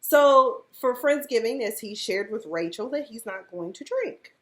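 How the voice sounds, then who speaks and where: A woman's voice: a little high, expressive, measured pace, fairly bright tone. A woman giving casual, profane commentary on a reality TV episode, emphatic and outspoken.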